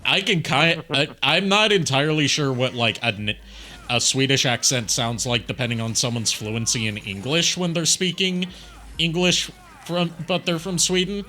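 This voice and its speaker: A man's voice: on the high side, moderate pace, bright, forceful tone, faint music behind. A man hosting a game stream, chatting casually and easygoing while reading viewer comments. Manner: easygoing, reads out chat comments. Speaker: streamer host. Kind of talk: casual gaming chat.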